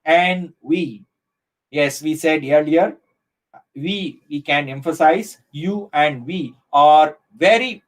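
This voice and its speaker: Professor lecturing on poetic meter. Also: male voice, on the high side, slow. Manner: explains step by step, many fillers and restarts. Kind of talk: live online lecture on poetry.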